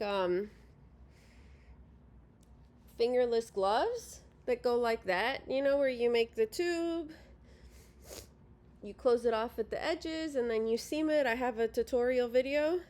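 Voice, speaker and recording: A woman talking loosely about her handmade crafts, her voice pitched a little high. She rambles, stops on frequent ums and corrects herself as she goes, sounding sleepy from yawning. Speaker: crafting vlogger. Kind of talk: casual show-and-tell. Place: at home by a sofa.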